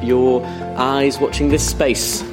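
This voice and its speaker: A man hosting a theatre podcast, asking questions in a halting way with restarts. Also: mid-range voice, flat delivery, over music. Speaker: podcast host. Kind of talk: podcast interviewing.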